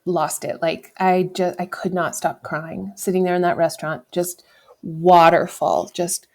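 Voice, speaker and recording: At a measured pace, an American woman in her thirties with a low, level, slightly mellow voice tells a personal story as a podcast guest. She's candid and reflective, often correcting herself and laughing.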